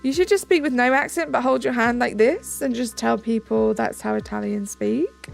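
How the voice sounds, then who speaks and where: Faint background music accompanies a British live-stream host whose fairly high voice has vocal fry and a normal speed. Casual and chatty, she reads out viewer messages, answers them, and thanks people.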